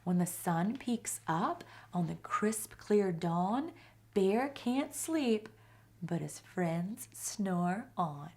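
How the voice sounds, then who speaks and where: A woman volunteer reading a children's picture book aloud, slowing down for the repeated refrain. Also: mid-range voice. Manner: expressive storytelling, slows on the refrain. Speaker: volunteer reader.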